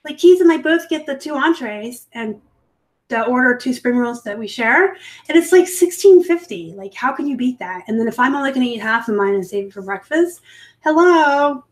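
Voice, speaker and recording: A woman from the West Coast chats through a casual live stream with a slightly high voice. She rambles from one thought to the next, and her phrases often lift upward at the end. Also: expressive, moderate pace. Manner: chatty and rambling, upspeak at times. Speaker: live show host and reseller.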